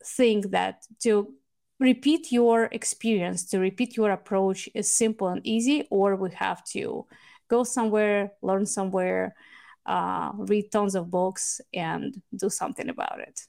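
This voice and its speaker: A middle-aged woman hosting a podcast interview, talking in a halting way with pauses and restarts as she searches for words. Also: mid-range voice, steady tone, creaky, darkish tone. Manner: halting, searching for words, non-native phrasing. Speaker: podcast host. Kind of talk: casual interview.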